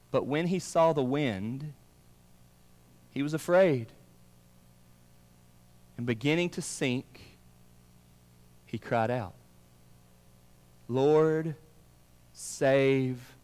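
Brief: male pastor, slightly high voice, dynamic sermon delivery, long church reverb. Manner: dynamic preaching, swinging from emphatic to hushed. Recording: long reverb of a large room.

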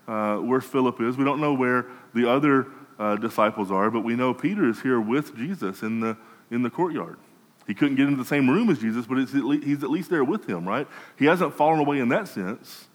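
A man's voice: medium pitch, moderate pace, in a large hall, low-quality recording. A man preaching a sermon in a conversational way, often restarting and repeating words. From United States.

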